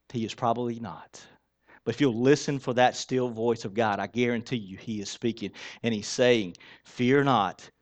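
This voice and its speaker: With a medium-pitched voice, a male pastor delivers a conversational sermon, tossing rhetorical questions to the congregation and moving between softness and volume for emphasis.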